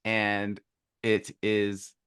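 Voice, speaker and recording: A man hosting a podcast in a casual, thoughtful way, pausing and searching for his words. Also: lowish voice, monotone, a bit bright, smooth, no room sound, clean studio sound. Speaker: podcast host.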